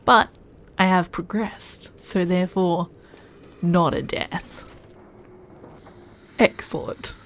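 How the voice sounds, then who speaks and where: Slow, musing woman streaming a game. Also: lowish voice, steady tone. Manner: thinking aloud, musing to herself. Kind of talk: casual gameplay commentary.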